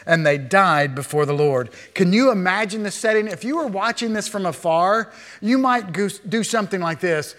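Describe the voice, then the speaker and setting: A man preaching a sermon as a pastor, animated, with rhetorical questions to the congregation and quick asides acting out imagined speakers. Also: fairly high pitch. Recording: long hall reverb.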